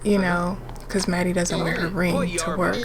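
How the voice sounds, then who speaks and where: A woman's voice: fairly low pitch, little pitch movement, normal speed, crowd noise. A woman narrating a life-sim game story in a casual, rambling way, full of fillers and restarts. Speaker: let's-play narrator.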